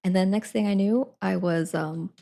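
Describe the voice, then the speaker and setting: A woman's voice: mid-range voice, fairly even intonation, moderate pace, vocal fry, mellow. A young woman streaming live from her desk at home, chatting to viewers in a rambling way and laughing often. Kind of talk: casual chat to viewers.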